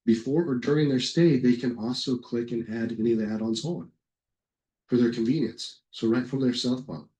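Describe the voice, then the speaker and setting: Mellow-voiced man presenting a webinar. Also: medium pitch, moderate pace, low-quality recording. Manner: rambling, anecdotal, with frequent fillers and self-corrections.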